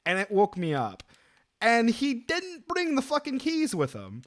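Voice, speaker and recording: A man in his twenties casually telling a story, animated and profane, rambling with lots of fillers. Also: very high voice, measured pace.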